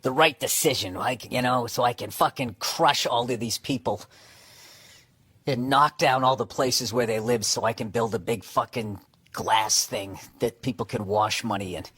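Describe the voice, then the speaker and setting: A man's voice: mid-range voice, moderate pace, fairly bright tone, husky. A man talking in casual chat, rambling into sarcastic, profane rants.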